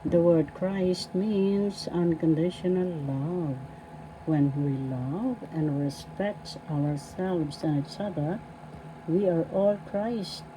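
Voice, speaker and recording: A woman from the Philippines teaching a language lesson, sounding words out slowly syllable by syllable. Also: on the low side. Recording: clear vehicle noise behind.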